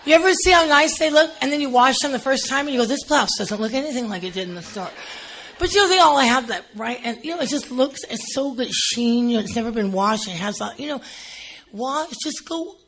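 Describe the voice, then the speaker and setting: A middle-aged woman preaching a sermon, telling animated stories and acting out gushing shoppers. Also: high-pitched, a little fast.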